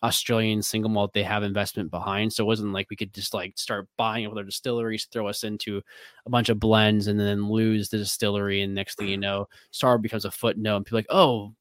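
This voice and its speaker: Man, Midwestern accent, lowish voice, dry close sound, casual rambling chat. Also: flat delivery, fairly quick, no echo. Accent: Midwestern American. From American Midwest. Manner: rambling, many fillers and restarts. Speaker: whiskey brand ambassador. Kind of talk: casual interview talk.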